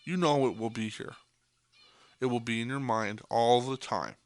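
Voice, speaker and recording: A man's voice: medium pitch, normal speed, no echo. A young man hosting a podcast, delivering an intense monologue that swears freely and hammers points home by repeating them. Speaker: podcast host.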